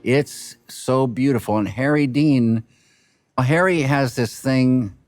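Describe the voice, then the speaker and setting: Slow, halting man reflecting on directing. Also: medium pitch, a little mellow, dry recording, soft background music. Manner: halting, unhurried, trailing off and restarting. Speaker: film director. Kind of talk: reflective interview talk.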